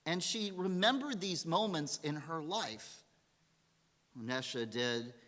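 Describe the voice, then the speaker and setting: A woman rabbi telling a story in a sermon, in an animated storytelling manner. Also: deep voice. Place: synagogue sanctuary. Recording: reverberant hall.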